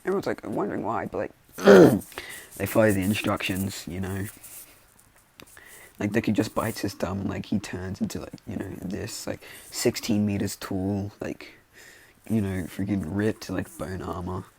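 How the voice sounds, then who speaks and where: Casual male storyteller, low gravelly voice, loose and rambling delivery. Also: moderate pace, a little mellow. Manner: rambling, many fillers like "like" and "you know". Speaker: fan storyteller. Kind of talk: casual improvised fan-fiction narration. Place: indoors with rain outside.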